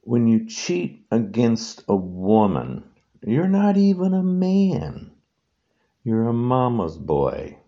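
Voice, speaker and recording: Casting: male solo podcast host, indignant and repetitive, lively pitch, mellow dark tone. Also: slow pace, dull audio.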